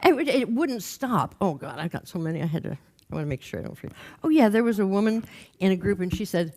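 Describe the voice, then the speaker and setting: A woman's voice: medium pitch, animated, fast talker, a little mellow. A woman giving a motivational talk on stage. She tells a string of anecdotes and acts out the people in them. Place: stage before an audience.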